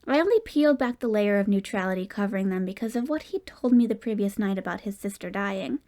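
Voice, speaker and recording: A woman narrating an audiobook in the first person, reading calmly and evenly. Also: mid-range voice.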